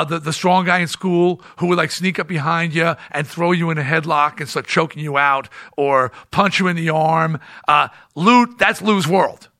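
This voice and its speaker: A male podcast host spins a casual, animated story. His voice is bright and a touch high, and he restarts his sentences often as he rambles on.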